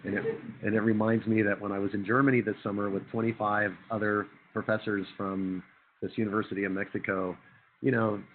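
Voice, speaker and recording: Hoarse lecturer with a low, tinny voice. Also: male voice, level tone, brisk, slight background noise. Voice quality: husky radio voice. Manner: conversational, jokey, quizzes the class. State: hoarse from a chest cold. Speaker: university lecturer. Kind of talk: classroom lecture.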